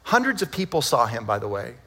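A male pastor preaching in a lively, conversational way, full of rhetorical questions. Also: medium pitch, brisk, long reverb tail. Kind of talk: sermon.

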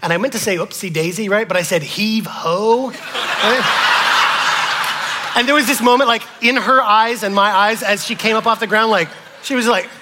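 A man preaching a sermon to his congregation, asking them questions and swinging from loud to whispered. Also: sits high, normal speed, pauses often, very noisy. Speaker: pastor.

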